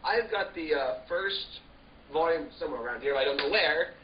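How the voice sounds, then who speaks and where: A man's voice: on the high side, animated, normal speed, background noise. A man on a casual podcast panel chat, telling stories animatedly and emphatically. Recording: distant, roomy, dull podcast audio.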